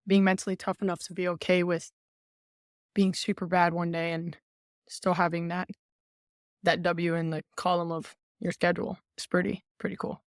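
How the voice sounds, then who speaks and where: A young woman, a former college volleyball player, talking as a podcast guest in an outgoing, animated way, acting out quoted remarks. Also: fairly low pitch, normal speed, no echo, clean studio sound. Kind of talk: casual podcast conversation.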